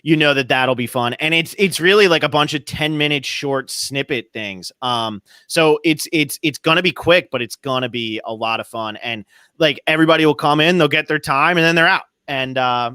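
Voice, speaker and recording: A man co-hosting a podcast, talking in animated, rambling asides. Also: fairly high pitch, moderate pace, clear, resonant tone, dry recording. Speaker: podcast co-host. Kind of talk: casual podcast chat.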